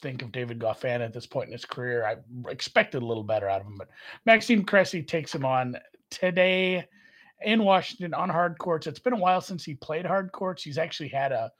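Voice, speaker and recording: This man's voice is a bit bright and slightly fast as he hosts a casual sports betting podcast. He wanders from point to point, mocks himself, and jumps in pitch.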